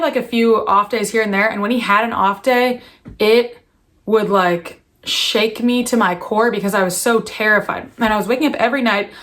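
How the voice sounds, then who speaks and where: A young adult woman talking candidly to camera about new motherhood, earnest and open, with frequent fillers and restarts. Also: medium pitch. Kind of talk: personal confessional vlog.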